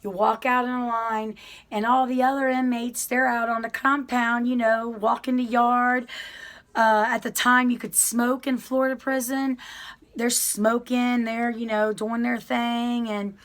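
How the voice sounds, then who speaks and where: A middle-aged woman with a slightly high voice tells her own story to her viewers at an unhurried pace. She rambles and apologizes, with plenty of fillers and false starts, like she is chatting with friends. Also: flat delivery, a bit bright. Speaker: vlogger sharing her prison experience.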